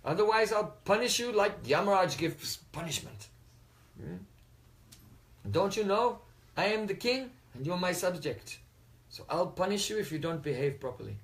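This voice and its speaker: A man's voice: sits high, expressive, moderate pace, a bit bright. A man voicing an irritable, proud king who gives sarcastic orders. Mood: stern. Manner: sarcastic, commanding.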